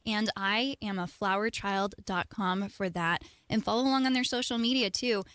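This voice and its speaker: A woman's voice: medium pitch, moderate pace, fairly bright tone, dry recording. A woman co-hosting a live radio show in the studio, bubbly and gushing with enthusiasm. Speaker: radio co-host. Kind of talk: casual live radio chat.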